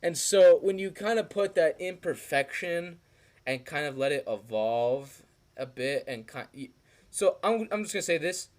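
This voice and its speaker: A young man co-hosting a casual podcast chat, rambling and joking, often trailing off mid-thought. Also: medium pitch. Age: young adult. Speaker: podcast co-host.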